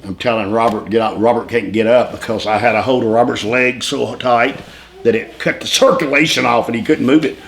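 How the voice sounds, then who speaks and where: A man's voice: mid-range voice, fairly even intonation, fairly quick, vocal fry, a bit bright, a little hiss or hum. A man telling wild stories in a casual interview, laughing often, swearing freely and jumping between tangents. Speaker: retired pro wrestler telling stories.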